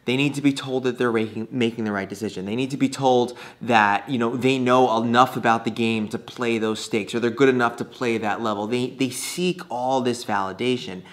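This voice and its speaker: A man's voice: medium pitch, fairly even intonation, moderate pace, hardly any pauses. A man speaking as a poker coach in a casual monologue, chatty and laughing often, with many restarts and fillers. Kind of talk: casual talking-head monologue.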